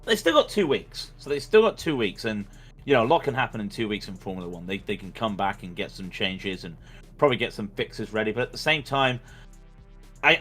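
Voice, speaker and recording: A male race commentator with a mid-pitched voice chats loosely over a live race. He rambles, jokes and often trips over his words as he restarts sentences. Soft music sits underneath. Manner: rambling, stammering restarts, jokey. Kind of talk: casual commentary chat.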